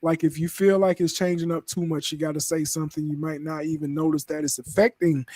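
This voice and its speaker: High-voiced guy on a podcast, dry close sound, all hyped up. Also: brisk, no room sound. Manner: excitable, hypes others up. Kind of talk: casual podcast chat.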